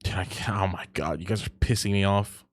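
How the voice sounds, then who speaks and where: A man's voice: low voice, a little fast. Profane, teasing male streamer. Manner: profane, teasing, bursts into laughter. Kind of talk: casual gaming chat.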